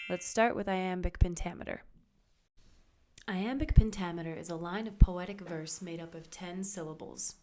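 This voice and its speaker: A woman's voice: on the low side, moderate pace, very noisy. A woman teaching acting basics in an upbeat, encouraging, conversational scripted narration.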